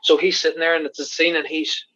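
An Irish man tells lively, profane stories at a quick clip. His voice is bright and a touch high, recorded dry with a slightly dull, lo-fi sound. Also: no room sound. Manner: animated, swearing, laughing storyteller. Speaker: podcast guest, special effects crew member. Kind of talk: casual storytelling chat.

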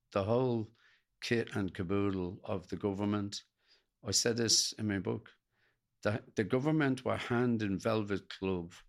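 A man's voice: fairly low pitch, gravelly, a bit bright. An older man with an Irish accent, telling his life story as a guest in an interview, earnest and reflective. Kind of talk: personal storytelling in a podcast interview.

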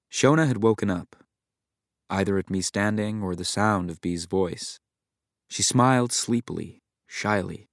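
Low, dry-voiced male reader for a reflective short story, measured delivery. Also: dry recording. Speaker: story narrator. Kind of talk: audiobook narration of a short story.

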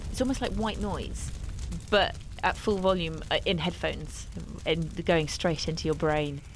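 A woman recounting her fieldwork with a lower, steady voice. She tells it as a lively story and jumps up in pitch when acting out quoted lines. Her delivery is casual and animated. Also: measured pace, a little hiss or hum. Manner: animated, acts out quotes in a higher voice. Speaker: wildlife filmmaker interviewee. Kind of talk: conversational storytelling.

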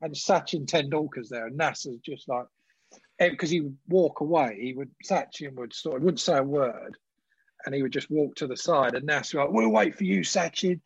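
A man's voice: mid-range voice, breathy edge, no room sound, dull audio. A man casually telling laughing anecdotes about his playing days. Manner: laughing anecdotes, quick asides. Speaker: podcast guest, former cricketer. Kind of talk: casual storytelling chat.

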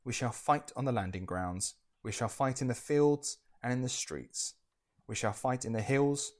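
A man doing an impression of an elderly male wartime statesman, delivering a defiant speech in slow, grave oratory. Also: medium pitch, lightly acted.

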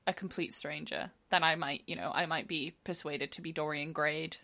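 A woman's voice: deep voice, fairly even intonation, pushed and bright. A woman chatting casually with friends on a podcast, playful and teasing. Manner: playful, teasing, quick to laugh. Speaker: podcast co-host. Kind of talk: casual chat.

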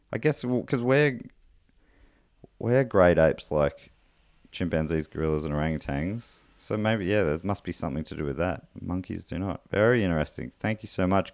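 A man's voice: low-pitched, animated, moderate pace, vocal fry, darkish tone, no room sound, clean studio sound. A man hosting a podcast, chatting casually in a loose, rambling way with plenty of fillers and restarts. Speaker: podcast host and comedian. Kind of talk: casual podcast chat, reading listener mail.

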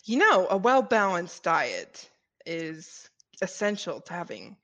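A caring, motherly mouse cook who frets over whether everyone has eaten, as a woman puts her on. She speaks slowly in a lowish, soft voice. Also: sing-song, full character voice. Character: tenderhearted motherly female mouse chef.

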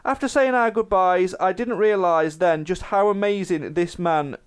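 A man co-hosting a podcast in a relaxed, chatty way. His voice sits fairly high, and he trips over his words now and then as he reads a post aloud. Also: normal speed, clear, resonant tone. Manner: chatty, stumbles over words while reading. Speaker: podcast co-host. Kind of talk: casual chat and reading aloud.

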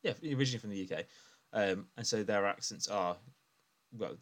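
A man chatting on a podcast, his voice sitting a little low. He rambles through anecdotes with plenty of laughter and filler words, relaxed and conversational. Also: brisk. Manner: rambling storyteller, laughs often. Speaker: podcast co-host. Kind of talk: casual chat.

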